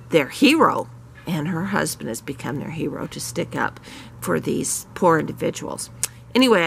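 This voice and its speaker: A woman's voice: fairly low pitch, creaky, a little hiss or hum, poor audio. A middle-aged woman hosting her own channel, talking casually to camera out in a garden, rambling with many fillers and restarts. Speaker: channel host. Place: outdoors in a garden.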